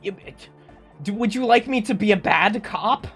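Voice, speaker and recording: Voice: medium pitch, normal speed, a bit bright, soft background music. A streamer chatting casually on a live stream, joking and laughing often between lines. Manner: joking, laughs often, mock-tearful bits.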